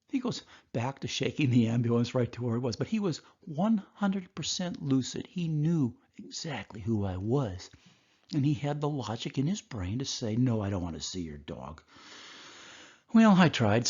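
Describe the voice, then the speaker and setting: A man who is a doctor, giving a recorded course lecture and telling a story from his work with animated voices. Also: mid-range voice, breathy edge, lo-fi sound.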